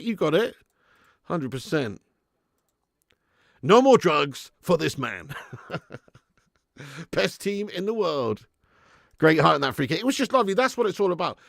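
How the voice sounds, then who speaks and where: Excitable football streamer. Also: male voice, fairly high pitch, gravelly, no room sound, studio quality. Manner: excitable, jokey, banter with chat. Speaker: live stream host. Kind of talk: football watch-along commentary.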